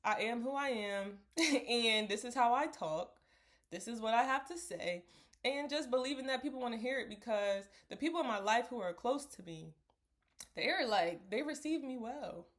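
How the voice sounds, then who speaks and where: Chatty young woman vlogger, slightly high voice. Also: animated, normal speed. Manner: rambling, reflective, laughs often. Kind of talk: casual talk to camera.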